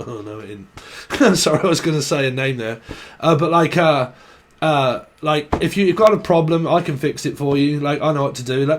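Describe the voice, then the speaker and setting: A man's voice: on the high side, moderate pace. A man giving a casual, rambling tarot reading, swearing freely, chuckling and acting out people's inner voices. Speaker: tarot reader.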